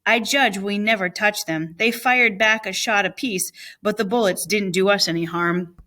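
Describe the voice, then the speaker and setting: A woman's voice: medium pitch, normal speed, bright, forceful tone, close to an everyday voice. A woman reading aloud and voicing a kind, protective old Welshman in a storybook. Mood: reassuring.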